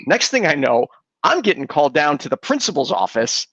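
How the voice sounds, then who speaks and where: A man's voice: fairly high pitch, very animated, brisk, a bit bright, slightly rough, dry recording, lo-fi sound. Earnest young man telling his story. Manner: earnest storytelling, frequent restarts. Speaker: podcast host. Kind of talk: casual conversation.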